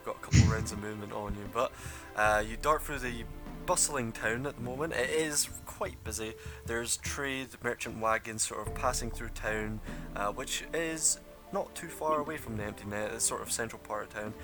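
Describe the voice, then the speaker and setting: A man's voice: medium pitch, moderate pace, music in the background. A man running a tabletop game as game master, narrating loosely with lots of fillers and laughs. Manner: rambling, laughing, many fillers.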